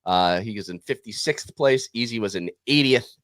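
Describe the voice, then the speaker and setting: On a casual podcast, the host leads a prediction game with plenty of quick asides, staying upbeat and chatty throughout. His voice sits on the low side, expressive and a bit bright, with no echo in the recording.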